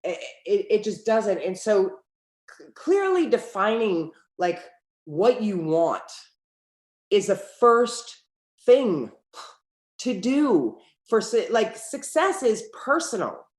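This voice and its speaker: A middle-aged woman, an entrepreneur guest on an interview, telling stories in a lively way and acting out the dialogue in them. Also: medium pitch, slow pace. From United States. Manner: lively storyteller who acts out quoted dialogue. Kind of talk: conversational interview. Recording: roomy echo.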